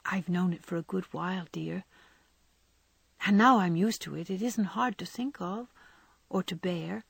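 A woman's voice: mid-range voice, a little slow, vocal fry, slightly rough, dry recording. A woman doing a frail, whispery young girl. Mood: tender. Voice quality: soft and whispery. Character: gentle frail young woman, dying, resigned.

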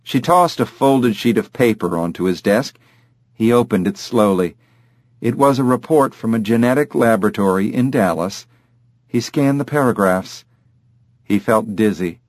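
Man, audiobook narration, fairly low pitch, dry sound, steady even delivery. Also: moderate pace, no room sound. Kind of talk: scripted narration.

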